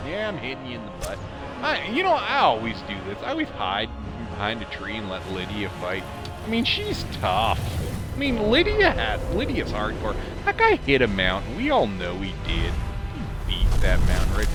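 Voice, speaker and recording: A man's voice: medium pitch, huge pitch swings, normal speed, music in the background. A man with a drawling Idaho accent chatting loosely as he plays a game, rambling and laughing often with a snarky, self-mocking tone. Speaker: gamer commentating his play. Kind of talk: casual gameplay commentary with storytelling.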